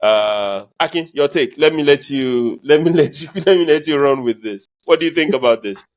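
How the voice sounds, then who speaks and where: A man's voice: a little high, moderate pace. A man co-hosting a sports podcast, talking casually with many ums and easy laughter. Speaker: podcast co-host.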